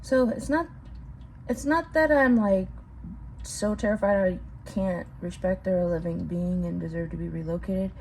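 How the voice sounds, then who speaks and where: A young woman vlogging casually outdoors, rambling and excitable, swearing casually and calling her viewers bro. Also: mid-range voice, normal speed, a little hiss or hum. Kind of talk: casual vlog talk to viewers. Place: outdoors at home.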